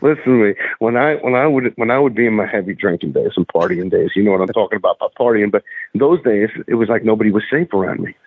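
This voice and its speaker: A man's voice: on the low side, expressive, fast talker, slightly rough, no echo. A man, a guest and former pro wrestler, telling rambling, profane stories in casual chat with lots of restarts. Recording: tinny phone-like line, dry.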